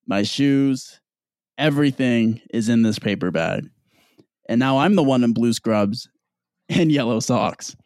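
A young man telling a personal story in a casual, animated way, with some swearing and quick asides in other people's voices. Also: medium pitch, dry recording, studio quality.

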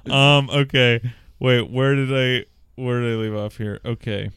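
A man co-hosting a casual podcast, sarcastic and quick to swear as he picks apart a listener's letter. His voice is smooth and clear, at an ordinary pitch. The sound is dry and close. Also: little pitch movement, a bit bright, no room sound. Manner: sarcastic, profane, reads listener letters aloud. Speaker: podcast co-host.

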